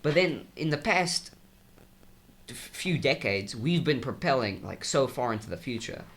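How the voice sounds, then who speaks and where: A young man co-hosting a podcast, chatting casually in a rambling, halting way full of restarts. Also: medium pitch, expressive, fairly bright tone. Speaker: podcast co-host. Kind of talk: casual chat.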